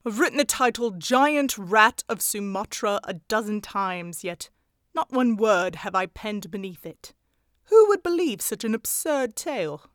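A woman doing an excitable Victorian doctor. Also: medium pitch, a little slow, no echo, clean studio sound. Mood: astonished. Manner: eager, exclamatory, questioning. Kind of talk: audiobook character voice.

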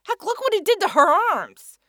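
A woman voicing a menacing grown man who defends himself loudly and insistently. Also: mid-range voice, very animated, normal speed, no echo, studio quality. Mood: defensive. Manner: loud, pleading, defensive.

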